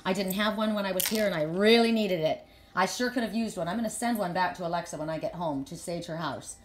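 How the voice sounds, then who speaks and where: A woman's voice: lowish voice, quick pace, roomy sound, slight background noise. A woman speaking as a spiritual reader and healer in a casual live chat to her followers. She talks earnestly and rambles, often repeating words as she starts a sentence.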